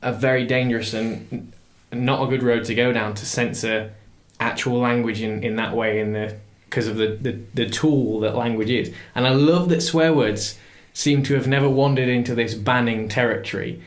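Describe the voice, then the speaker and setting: A man's voice: medium pitch, steady tone, moderate pace, few pauses. A man, hosting a podcast in casual chat, talking in long, thoughtful, rambling turns. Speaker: podcast host. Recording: roomy echo.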